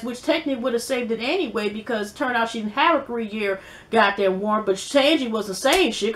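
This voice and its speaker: A woman reviewing a TV episode in casual chat, animated and profane, acting out the scenes as she goes. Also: fairly high pitch. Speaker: TV show reviewer.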